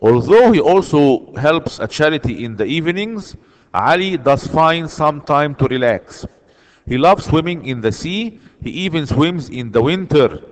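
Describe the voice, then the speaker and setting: A man's voice: fairly high pitch, animated, unhurried, big-room sound. A man teaching an online English lesson, patiently repeating key words and answers.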